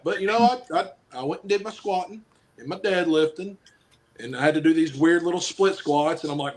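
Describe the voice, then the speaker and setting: A man's voice: on the high side, a little fast. A man who wrestles professionally and coaches football, chatting casually on a podcast, rambling and joking while he hands out blunt advice.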